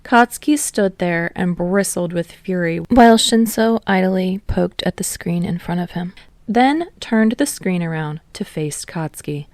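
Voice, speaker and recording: A woman reading fan fiction aloud in steady storytelling narration. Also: fairly low pitch, a little slow, no echo. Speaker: podfic reader.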